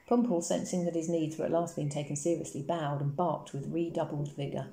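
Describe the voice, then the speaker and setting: Low, mellow woman reading a story. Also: steady tone, fairly quick, few pauses. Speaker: audiobook reader. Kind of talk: storybook narration.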